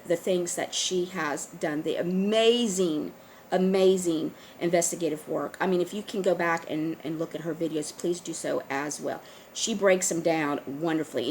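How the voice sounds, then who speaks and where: A woman with a fairly low voice speaks straight to her audience in an earnest, pleading way. She often stalls on fillers and starts her sentences over. A faint hiss of noise sits behind her. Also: rough recording. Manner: earnest and urging, addresses viewers directly. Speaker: online video host. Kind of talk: casual direct-to-camera monologue.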